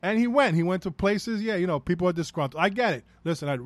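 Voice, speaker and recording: A man's voice: high voice, expressive, fast, no room sound. A man with a New York accent ranting through a solo podcast episode, profane and rambling, talking in a heated way. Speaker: podcast host.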